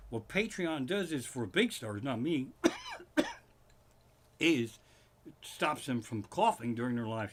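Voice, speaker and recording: A man's voice: mid-range voice, fairly bright tone, husky. A man doing a rambling, profane comedy monologue on a live stream from his living room. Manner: rambling, swearing, restarts and asides. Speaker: stand-up comic streaming live. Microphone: live stream microphone.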